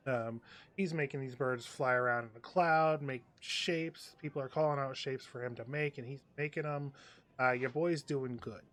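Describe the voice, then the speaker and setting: A man's voice: mid-range voice, steady tone, normal speed, fairly bright tone. Guy gming a tabletop game, rambly, lots of uh and um. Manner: rambling with many fillers. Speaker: game master. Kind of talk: running a tabletop game online.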